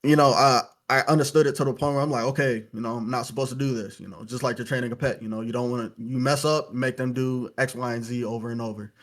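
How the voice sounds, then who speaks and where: A man's voice: mid-range voice, steady tone, quick pace, few pauses. A young man from Louisiana, a podcast guest telling his story in a casual, reflective way, with lots of "you know" fillers.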